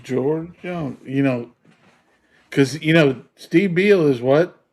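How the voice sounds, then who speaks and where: A man's voice: on the high side, slow pace, darkish tone. Laid-back man with dry humor. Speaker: co-host. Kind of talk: casual chat.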